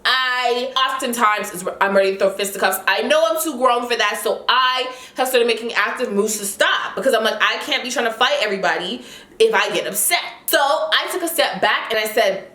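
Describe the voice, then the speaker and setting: A woman's voice: a little high, fairly quick, pushed and bright. A young woman vlogger telling a heated, indignant story in a casual way. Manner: heated, indignant retelling with quoted dialogue. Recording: echoey room.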